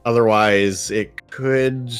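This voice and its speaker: Loud man playing in a tabletop game. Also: medium pitch, fairly even intonation, takes it slowly, clean tone, faint music behind. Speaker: player. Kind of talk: tabletop role-play.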